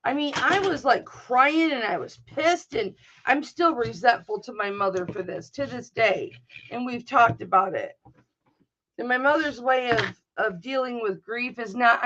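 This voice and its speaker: A middle-aged woman with a Michigan accent hosts a casual livestream, speaking slowly with a slightly high voice. She is blunt, emotional and profane. The audio is dull and lo-fi. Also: lively intonation, pushed and bright, slight background noise. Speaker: livestream host.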